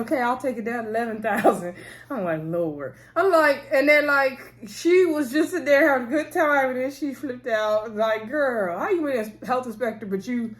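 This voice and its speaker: A woman casually recapping a TV episode, animatedly acting out the characters' lines as she retells the scenes. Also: mid-range voice.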